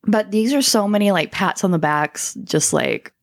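A chatty woman co-host talking casually on a podcast. She fills her sentences with "like" and keeps breaking into giggles as she retells a story. Her pitch sits in the middle. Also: animated, moderate pace, gravelly. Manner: giggly storyteller, many "like" fillers. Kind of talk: casual chat.

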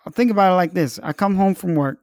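A man's voice: high voice, fast, a little mellow, no room sound, studio quality. A man being interviewed, answering in a playful, candid and cheerfully profane way. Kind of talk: casual street interview.

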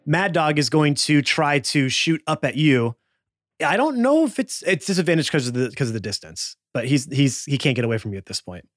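A man's voice: fairly high pitch, big pitch swings, a little fast, no echo, soft background music. A man acting as game master, calling dice rolls and describing the action. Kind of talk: narrating a tabletop game.

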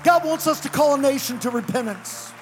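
A male pastor preaching a fiery sermon to a congregation, sometimes shouting and chanting his lines. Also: extremely high pitch, expressive, a little fast, in a large hall, slight background noise. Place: church sanctuary.

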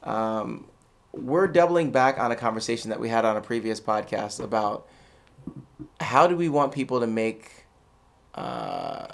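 A man's voice: medium pitch, sing-song, a little slow, gravelly. Blunt, joking man co-hosting a podcast. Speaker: podcast co-host. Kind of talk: casual chat.

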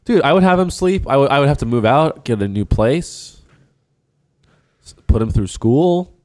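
A man's voice: mid-range voice, expressive, normal speed, a little mellow, dry recording, studio quality. A sleep-deprived man co-hosting a podcast, rambling and giggling in casual chat. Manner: rambling, giggly, jumps into silly bits. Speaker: podcast co-host.

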